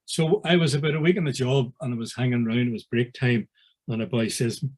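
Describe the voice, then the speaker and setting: A man's voice: mid-range voice, fairly even intonation, fairly quick, a little mellow. A man in his sixties with a Belfast accent, telling wry stories from his past as an interviewee. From East Belfast, Northern Ireland. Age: 60s. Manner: wry storyteller, acts out old conversations. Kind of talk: anecdotal storytelling.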